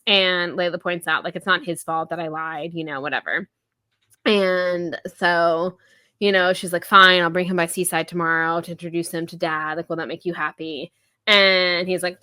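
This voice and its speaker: A woman's voice: lowish voice, steady tone, moderate pace, pushed and bright, clear, resonant tone, no echo. A woman, co-hosting a podcast and retelling a novel's scenes in a chatty, filler-heavy way, laughing often. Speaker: podcast co-host. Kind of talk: casual book-review chat.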